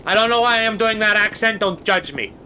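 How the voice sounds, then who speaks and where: A man's voice: sits high, animated, fairly quick, pushed and bright, slight background noise. A man streaming a video game live, reacting to what happens and chatting with his viewers. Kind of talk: live gameplay commentary.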